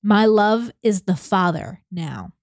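A woman co-hosting a podcast, reading a letter and a call transcript aloud in a measured, steady way. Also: medium pitch, dry recording, studio quality.

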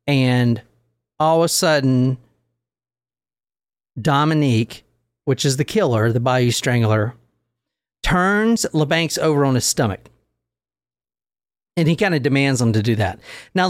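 Podcast host, male, slightly high voice, dry close sound, loose and crude storyteller. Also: smooth, no echo. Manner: loose, profane, joking storyteller. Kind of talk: casual storytelling chat.

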